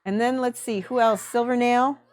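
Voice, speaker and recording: A woman's voice: fairly high pitch, steady tone, moderate pace, darkish tone. A woman hosting a miniature painting livestream, chatting effusively and thanking viewers by name while she works.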